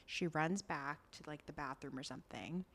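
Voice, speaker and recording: A woman co-hosting a podcast, recapping a drama in casual chat and acting out the characters' lines. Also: low voice. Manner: animated, acts out characters' lines in quick voices. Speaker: podcast co-host.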